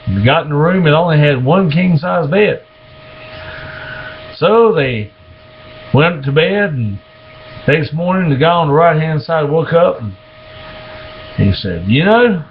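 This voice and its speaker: A man telling dirty jokes in a slow, drawling way, slipping into voices for the characters. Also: fairly high pitch, lo-fi sound, slight background noise. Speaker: joke teller.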